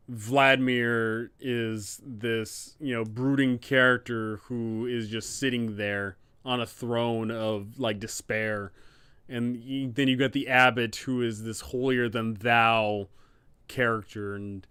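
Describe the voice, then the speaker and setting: A man's voice: medium pitch, a bit bright, clear, resonant tone, no room sound. A man, a dungeon master hosting a live Q&A stream, chatting casually and rambling. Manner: rambling, lots of fillers and restarts.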